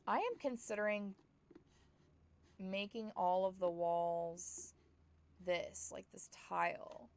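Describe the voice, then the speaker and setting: A tired young woman from Oklahoma with an Oklahoma accent, chatting excitedly and rambling as she streams a life-simulation game. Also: medium pitch, slow pace, long pauses. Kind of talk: casual chat while playing a game.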